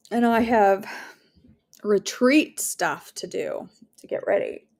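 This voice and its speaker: Speaking slowly with vocal fry in a mid-range voice, this woman leads a prayer from home as host of a daily devotional. She comes across as warm, earnest and casual, chatting along with fillers and little asides.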